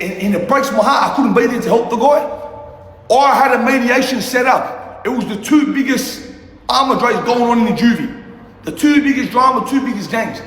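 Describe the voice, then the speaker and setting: A man's voice: very high-pitched, fairly bright tone. A young man, a youth mentor, ranting on a casual livestream in a passionate, profane and repetitive way. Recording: echoey room with long reverb, faint noise.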